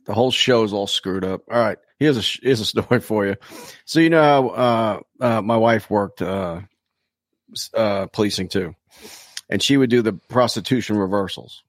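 A man's voice: lowish voice, normal speed, dry recording, studio quality. Laid-back man telling a cop story. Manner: laid-back, laughs often, acts out quotes. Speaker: podcast co-host, former police officer. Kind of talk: casual storytelling chat.

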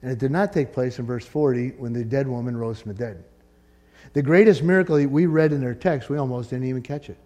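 A man preaching a sermon, swinging from hushed asides to shouted peaks and telling the story with playful voiced asides. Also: mid-range voice, fairly quick. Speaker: pastor.

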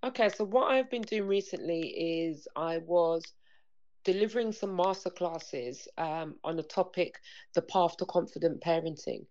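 Guest speaker: woman, slightly low voice, earnest and repetitive, dull lo-fi recording. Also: moderate pace, darkish tone. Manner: earnest, repetitive, acts out dialogue. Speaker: parenting coach guest. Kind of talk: conversational interview. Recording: dull lo-fi sound.

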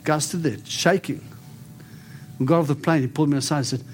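A man preaching and praying over people in an animated, storytelling way. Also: fairly high pitch, a little fast, slightly rough. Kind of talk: prophetic ministry preaching and prayer.

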